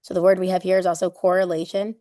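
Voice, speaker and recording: A woman teaching a live online exam prep class, lively and playful, casual with swearing, acting out everyday examples. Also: on the low side, quick pace, no echo, clean studio sound.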